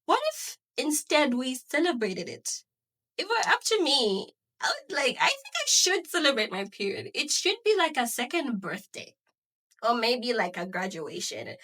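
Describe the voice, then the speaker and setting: A young woman from Zambia talks through a personal story on her solo podcast. Her voice sits high and bright in pitch. She is chatty and animated and breaks into laughter often. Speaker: podcast host.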